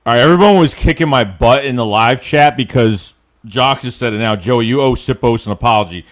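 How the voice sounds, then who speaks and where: A man's voice: mid-range voice, a little fast. A man hosting a casual sports podcast, reading viewer comments from the live chat. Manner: lively, reads viewer comments aloud.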